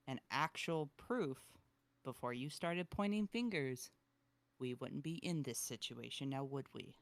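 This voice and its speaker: A man's voice: mid-range voice, no room sound. Man arguing his point in a game. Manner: argumentative, lecturing. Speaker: player. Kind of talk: casual tabletop role-play.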